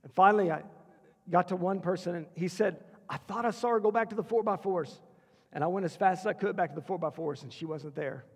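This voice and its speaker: A middle-aged man giving an emotional sermon testimony as a school chapel speaker, his voice falling to a hush at the hardest parts. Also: high-pitched, a little fast, husky. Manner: emotional storytelling, dropping to a hushed voice. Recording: long hall reverb.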